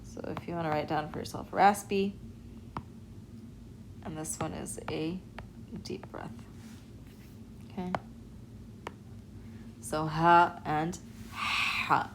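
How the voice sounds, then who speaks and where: A woman teaching an Arabic alphabet lesson, explaining and demonstrating sounds in a patient, clear way. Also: sits low, fairly even intonation, takes it slowly, long pauses, background noise. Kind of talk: recorded online lesson.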